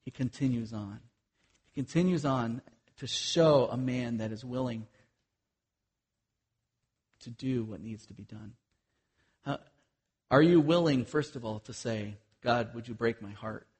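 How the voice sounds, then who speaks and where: A man delivers a sermon as a missionary, speaking earnestly in a loose, conversational way. His voice has a husky edge, and his pitch sits in an ordinary middle range. He often pauses on fillers and restarts his sentences. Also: darkish tone. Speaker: missionary preacher.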